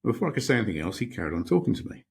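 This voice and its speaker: A man's voice: fairly low pitch, sing-song, very fast, vocal fry, a little hiss or hum. A middle-aged British man, a podcast guest, telling stories reflectively with many restarts. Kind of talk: storytelling in a podcast interview.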